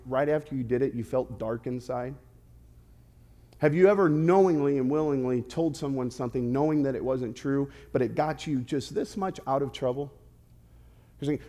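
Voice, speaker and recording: A male pastor preaching a sermon in a lively way, asking the congregation direct questions and adding playful asides. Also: medium pitch. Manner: animated, asks the audience direct questions.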